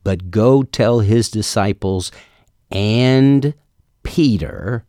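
A man preaching a sermon, telling the story in an earnest way and slowing down on the words he stresses. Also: on the low side, warm tone, dry recording, studio quality. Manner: earnest, storytelling delivery with slow emphatic stretches.

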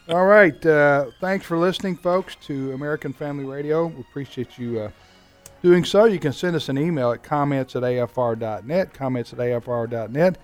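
Slightly high-voiced male radio host. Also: clear, resonant tone, soft background music. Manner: measured, wraps up the show. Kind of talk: talk radio discussion.

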